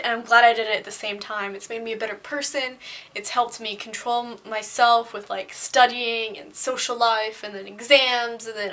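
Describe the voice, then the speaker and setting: Chatty young woman with a bright voice. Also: a little high. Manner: chatty, candid, many fillers like "like" and "um". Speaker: vlogger. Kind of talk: casual talking-head vlog.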